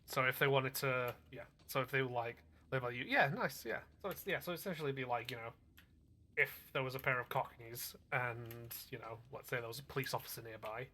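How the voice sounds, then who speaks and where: A man's voice: mid-range voice, steady tone, a little fast, bright, forceful tone. A man from England, chatting casually while streaming a game and explaining things in rambling, filler-heavy asides. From Northwest England. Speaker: gaming streamer. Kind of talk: casual gameplay chat.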